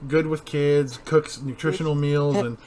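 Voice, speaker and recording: A man's voice: a little high, fairly even intonation, unhurried, a crowd in the background. Casual young man recapping a movie. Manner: retelling scenes, quoting lines, laughing. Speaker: podcast co-host. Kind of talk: casual movie review chat.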